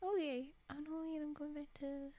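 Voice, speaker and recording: Giggly high-voiced woman streamer. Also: mellow, highs cut off. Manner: giggly, chatty. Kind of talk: casual livestream chat.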